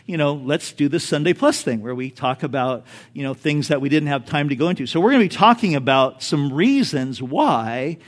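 Brief: high-pitched male pastor, lively preaching, storytelling. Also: normal speed, few pauses. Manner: animated, storytelling with jokes. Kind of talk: sermon.

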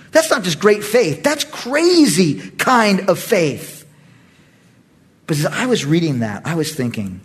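Animated husky-voiced man teaching scripture. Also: a little high. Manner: animated, acts out quoted voices. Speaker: pastor. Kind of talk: Bible study teaching. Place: church meeting room.

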